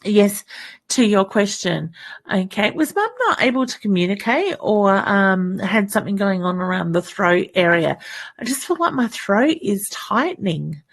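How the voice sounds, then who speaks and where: A woman's voice: medium pitch, animated, measured pace. A woman with an Australian accent hosting a live psychic stream, reading viewer comments and calling viewers honey in a chatty way.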